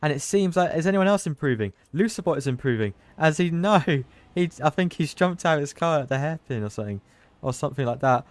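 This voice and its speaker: A man giving live commentary on an online racing qualifying session, chatty and loose, surging with excitement at the big moments. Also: on the high side, a little fast, no room sound. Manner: loose, chatty, with restarts and asides. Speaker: race commentator; team manager. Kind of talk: live esports race commentary.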